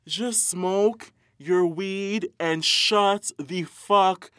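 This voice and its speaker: Animated young man ranting, dry mic. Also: high-pitched, very slow, smooth, no echo. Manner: animated, profane, mocking impressions, frequent laughs. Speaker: podcast co-host. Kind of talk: casual rant.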